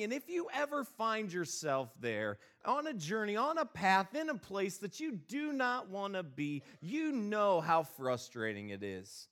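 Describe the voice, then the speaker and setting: A male pastor telling a funny personal story, then preaching a sermon with a lively, exasperated manner. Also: high voice, measured pace.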